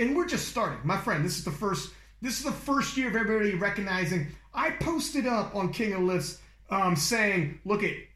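A man hosting a podcast interview, talking fast and excitably with lots of swearing and animated storytelling. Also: high voice. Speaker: podcast host. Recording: echoey room.

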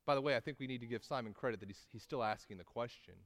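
A man preaching a sermon, telling the story with rising intensity at dramatic moments and slowing to stress key words, often asking his listeners "right?". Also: mid-range voice, fairly bright tone, long reverb tail. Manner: conversational with tag questions and restarts. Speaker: pastor.

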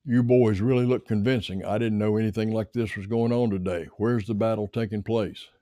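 A man's voice: lowish voice, fairly even intonation, a little fast, mellow, no room sound, clean studio sound, close to an everyday voice. A man voicing a friendly, easygoing modern hunter in a story.

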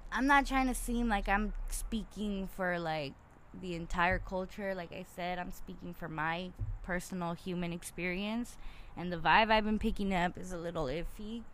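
Young woman ranting casually, cusses a lot, swings loud then soft, bit of hiss behind. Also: lowish voice, a little slow. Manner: animated, swears freely, gets worked up. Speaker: podcaster. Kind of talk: casual monologue.

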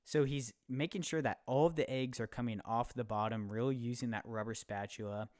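A man's voice: medium pitch, steady tone, a little fast, a little mellow, dry recording, clean studio sound. A young man in his twenties hosting a podcast, talking in a loose, upbeat, rambling way with plenty of fillers. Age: 20s. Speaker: podcast host. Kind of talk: casual podcast talk.

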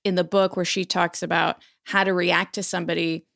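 A woman's voice: lowish voice, little pitch movement, brisk, creaky, a bit bright. A woman hosting a podcast in a chatty way, laughing between points while talking through a book. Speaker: podcast host. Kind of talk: casual podcast conversation.

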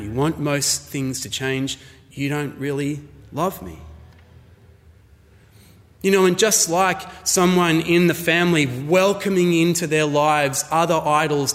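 A man's voice: a little high, a bit bright. Man preaching in a reverberant hall. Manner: conversational, storytelling, acts out voices in anecdotes. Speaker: pastor. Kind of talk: sermon.

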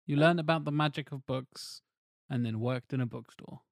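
A man's voice: mid-range voice, normal speed, gravelly, no echo, studio quality. A man co-hosting a casual chat, teasing his partner and laughing easily. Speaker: podcast co-host.

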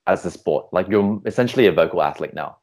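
A man's voice: deep voice, animated, fast talker, darkish tone. A man coaching a singing lesson over a video call, upbeat and encouraging in a chatty way. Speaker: vocal coach.

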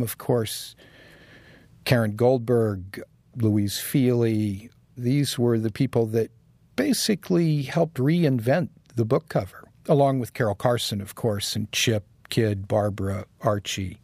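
A man with a gravelly, slightly husky voice tells his stories in an easy, reflective way and chuckles along the way. He is recorded dry and close, with no room sound. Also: medium pitch, unhurried, a little mellow, no echo. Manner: reflective, chuckles while telling anecdotes. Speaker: guest designer. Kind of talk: casual interview conversation.

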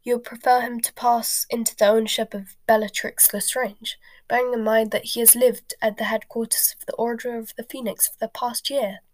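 A woman voicing a calm, polite elderly male wizard in a soft whispered role-play storybook reading. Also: on the high side, dry recording, close to an everyday voice. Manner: polite and unhurried.

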